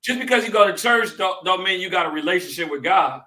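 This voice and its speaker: A man who is a pastor hosting a talk show, speaking in a preacherly way that rises into emphatic shouted points. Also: high voice, expressive, fast talker, poor audio. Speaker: pastor and host. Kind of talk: lively church talk show discussion.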